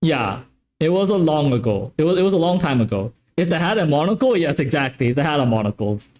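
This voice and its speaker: Animated Malaysian man with a westernized accent. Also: on the high side, quick pace. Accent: westernized English. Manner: animated, talkative, playfully self-correcting. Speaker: streamer hosting a tabletop game channel. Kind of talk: casual stream chat.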